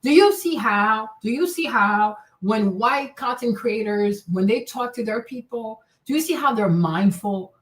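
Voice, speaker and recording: A woman's voice: fairly high pitch, lively intonation, unhurried, hardly any pauses, reverberant. A woman hosting a commentary livestream, talking emphatically and often checking in with "right?" and "okay?". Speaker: host.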